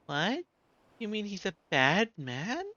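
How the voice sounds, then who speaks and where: Pleading little girl in a high squeaky voice, a man puts it on, muffled with faint game music. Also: very animated, slow, pushed and bright, no echo, full character voice. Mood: earnest. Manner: pleading, earnest. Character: naive young girl who idolizes a hero.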